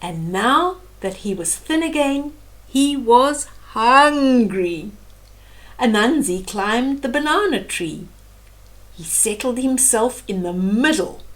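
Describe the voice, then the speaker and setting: An older woman reading a children's bedtime story aloud as storyteller, with chatty asides about the pictures. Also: a little high.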